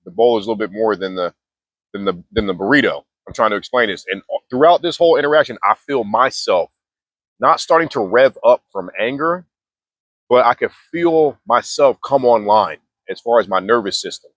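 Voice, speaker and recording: A man's voice: lowish voice, animated, moderate pace, a bit bright, no room sound. A young man telling a story in casual, slangy talk, with frequent restarts and fillers, as a mindfulness vlogger. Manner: laid-back slangy talk with many restarts.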